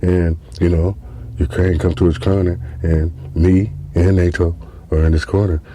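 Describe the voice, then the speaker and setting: A podcast host tells a comic story in a rambling, casual, profane monologue full of filler words. His voice sits low and mellow, with a level tone and moderate pace, and there's slight background noise.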